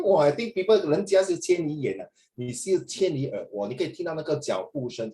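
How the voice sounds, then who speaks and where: A man's voice: fairly high pitch, sing-song, fairly quick, warm tone. A man with a Singaporean accent, tutoring a class over a video call, chatty and mixing in Mandarin. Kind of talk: online class feedback. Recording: echoey room.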